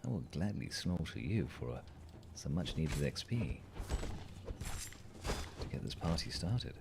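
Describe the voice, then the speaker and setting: A man's voice: very deep voice, sing-song, a little slow, creaky, pauses often, darkish tone, slight background noise. A man chatting playfully through a game as a let's-play host, joking with the creatures on screen. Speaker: gaming channel host.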